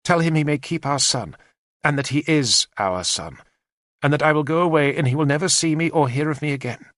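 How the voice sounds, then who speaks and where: A man's voice: a little high, fairly quick, dry recording, clean studio sound, pitched above the performer's own voice, lightly acted. A man voicing a heartbroken, pleading queen. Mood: pleading softly. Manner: soft, tearful pleading. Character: proud, heartbroken queen, a grown woman, fragile and pleading.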